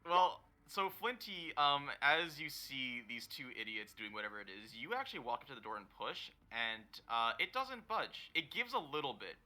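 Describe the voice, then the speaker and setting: A man narrating as dungeon master in a tabletop game, pausing often with fillers. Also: medium pitch, very animated, pushed and bright. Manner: hesitant, many fillers while narrating.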